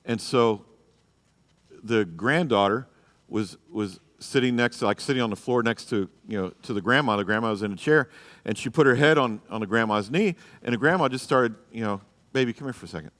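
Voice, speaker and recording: A man's voice: mid-range voice, expressive, fairly quick, a bit bright, in a large hall. Blunt, exhorting preacher man. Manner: blunt and exhorting, with frequent "you know" and "okay?"; acts out quoted people in a raised voice. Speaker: pastor teaching a marriage class. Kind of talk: live church teaching. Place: church.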